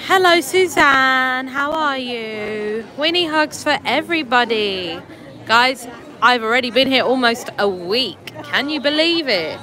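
A woman hosts a casual livestream outdoors and greets her viewers one by one by name. Her voice is high and bright and she talks at an unhurried pace, recorded on a phone with a faint crowd behind her. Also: expressive. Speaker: livestream host. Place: outdoors at a theme park.

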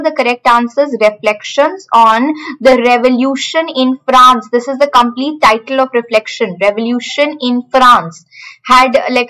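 A woman teaching a live online class for exam preparation. Her voice sits a little higher than most. She drills each answer by repeating it and reads out students' names one after another. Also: sharp tone, low-quality recording. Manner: repeats key points, calls out students' names.

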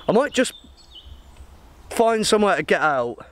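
A man's voice: high-pitched, sing-song, unhurried, long pauses, a bit bright. A man talking casually to camera outdoors, by a river and in woods, chatty and laughing often at himself. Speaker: outdoor vlogger.

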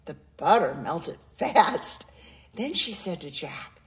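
Slow, expressive woman reading a story. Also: on the low side. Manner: slow, expressive, sing-song. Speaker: children's story reader. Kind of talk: read-aloud storytelling.

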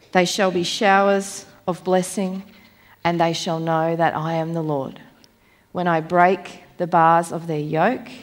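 A woman preacher giving a sermon, reading scripture aloud in a measured, emphatic way and slowing down on key phrases. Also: fairly low pitch. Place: church.

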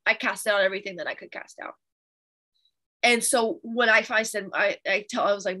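A young woman teaching a Bible study, telling a testimony in an animated, chatty way with fillers. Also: fairly high pitch, a little fast.

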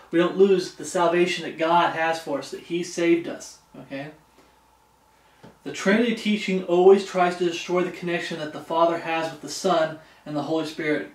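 A man with a fairly high voice preaches verse by verse, reading scripture aloud and pausing to ask "okay?" His voice rings around an echoey room. He sounds some way off from the mic. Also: far from the mic. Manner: reads scripture aloud, keeps checking in with "Okay?". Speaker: pastor. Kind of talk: expository Bible sermon.

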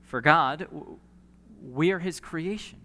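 A man delivers an earnest sermon in a bright, forceful voice that sits slightly high. He presses on key words, repeating phrases for weight. Long reverb from the church hall trails each line. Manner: earnest preaching with emphatic pauses and repeated phrases. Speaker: pastor. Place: church sanctuary.

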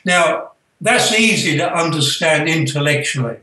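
An older man, a spiritual author, telling a personal story in an earnest, halting way with many fillers. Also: on the high side, lively intonation, pushed and bright. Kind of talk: storytelling, reflective. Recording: echoey room, distant from the mic.

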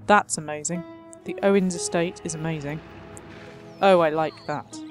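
A woman's voice: sits low, fairly even intonation, moderate pace. A woman doing casual gameplay commentary as a let's play host, chatty and sarcastic, talking back to the game, with faint music behind her.

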